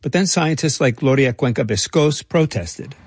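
A man reporting and narrating a radio feature in a measured, dry storytelling delivery. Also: medium pitch, expressive, husky. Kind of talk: scripted narration.

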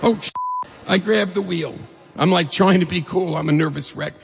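Gravelly, raspy man telling a story. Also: normal speed. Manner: animated, acts out dialogue with rising pitch. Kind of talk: humorous personal storytelling. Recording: long hall reverb.

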